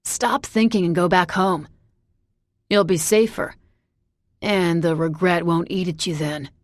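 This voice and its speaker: A woman's voice: fairly low pitch, unhurried, no room sound, studio quality, lightly acted. A woman reading the part of a brooding young man in an audiobook, speaking with earnest urgency. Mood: earnest urging.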